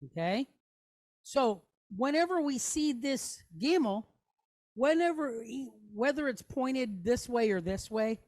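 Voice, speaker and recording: Woman teacher, slow and patient, explains step by step, sounds things out, keeps checking the class follows. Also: mid-range voice, a little mellow. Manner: demonstrates sounds aloud. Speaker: Hebrew teacher.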